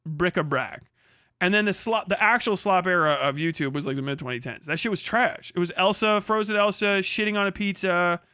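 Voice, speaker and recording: A man's voice: sits high, sharp tone, clean tone, dry recording, studio quality. A man hosting a livestream, ranting casually and sarcastically with constant swearing and mocking quoted voices. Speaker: livestream host. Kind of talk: casual rant.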